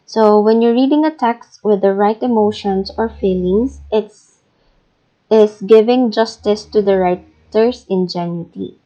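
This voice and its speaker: A Filipino woman teacher talks through a recorded lesson at an unhurried pace, patient and deliberate, saying example phrases slowly. Her voice is mellow, and the recording is dull and lo-fi. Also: mid-range voice. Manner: patient and deliberate, many fillers, models phrases aloud slowly. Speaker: English teacher.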